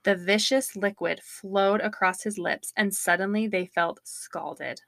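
A woman co-host reads aloud from a true-crime book in a steady, measured storytelling voice. Her tone is bright and forward. The sound is close and dry. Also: medium pitch, gravelly, dry recording. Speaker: podcast co-host.

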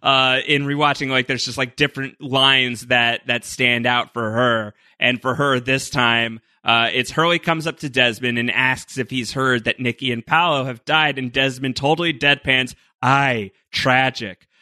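A man co-hosting a podcast in casual chat, opinionated and animated, often restarting his sentences. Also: mid-range voice, moderate pace, few pauses, smooth, no echo, studio quality. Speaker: podcast co-host.

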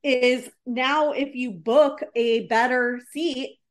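Woman, casual chat, animated storyteller, slightly high pitch. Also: takes it slowly. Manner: animated storytelling with many "like" fillers.

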